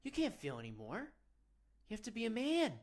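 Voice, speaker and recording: A man's voice: sits high, huge pitch swings, brisk. A man playing an earnest men's-wellness guru. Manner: earnest, coaxing, rambling, prodding with "hmm?". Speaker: men's meditation guide. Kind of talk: comedic parody of guided meditation.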